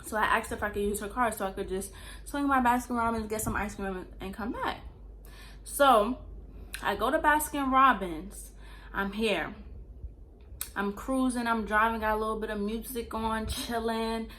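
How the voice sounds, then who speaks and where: A woman's voice: fairly high pitch, moderate pace, fairly bright tone. A young woman from Queens, telling a rambling, profane storytime in casual slang. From Queens, New York. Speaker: storyteller vlogger.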